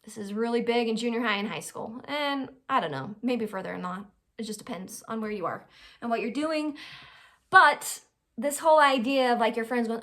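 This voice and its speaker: Her voice sits on the high side and she talks a little quickly as an advice host teaching everyday life skills in a relaxed, conversational style. Quoted people come alive in her animated little voices, and she checks in frequently with "right?".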